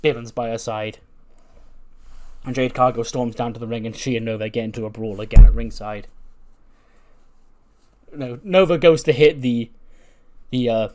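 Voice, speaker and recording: Casual male let's-play host, rambling, self-amused, mid-pitched. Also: darkish tone. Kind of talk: casual game commentary.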